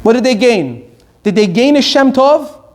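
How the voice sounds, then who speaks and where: A middle-aged man from Iran giving a Torah lecture as a rabbi, stressing key words slowly and rushing through asides. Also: very high-pitched, very animated, darkish tone.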